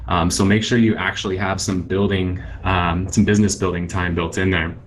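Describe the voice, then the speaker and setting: A man in his thirties gives an energetic sales presentation with a low voice, coaching the audience directly. He acts out sample phone calls as he teaches. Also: moderate pace, rough recording. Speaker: real estate team leader presenting.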